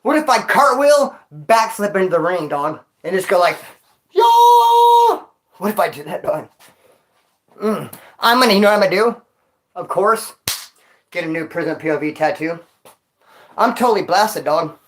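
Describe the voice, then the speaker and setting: A man's voice: sits high, lively intonation, normal speed, long pauses, a bit bright. A man telling stories on a casual vlog into his phone, winded after exercise, talking street slang and calling the listener dog and homie. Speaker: vlogger.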